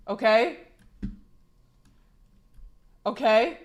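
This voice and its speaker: Young female streamer, sick and hoarse, casual and blunt, swears freely, restarts sentences a lot. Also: a little high, expressive, takes it slowly, long pauses, a bit bright. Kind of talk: casual chat reading a live chat.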